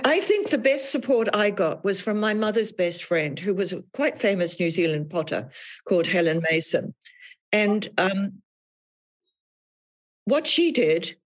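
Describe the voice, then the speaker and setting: A woman author as an interview guest, talking thoughtfully about her experiences in a measured, reflective way. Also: medium pitch. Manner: thoughtful, measured, with frequent restarts. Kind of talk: reflective podcast conversation.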